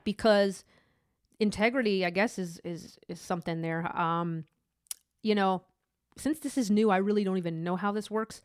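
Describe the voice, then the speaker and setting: A woman's voice: mid-range voice, normal speed, smooth, dry recording, studio quality. A woman hosting a podcast, telling a candid personal faith story in a rambling way with many restarts. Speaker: podcast host.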